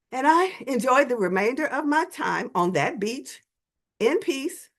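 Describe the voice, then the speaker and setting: A woman giving a storytelling talk as an invited speaker, animated and dramatic in her delivery. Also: on the high side.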